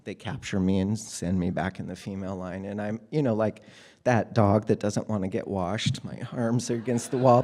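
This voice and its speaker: A man telling a personal story on stage, candid and wry, with animated moments. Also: lowish voice, normal speed.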